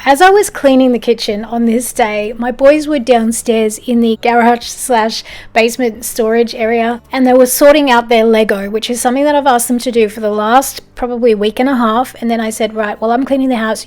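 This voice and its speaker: Australian woman, somewhat high voice, casual vlog voice-over, chatty and lightly amused. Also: a little mellow. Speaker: home and lifestyle vlogger.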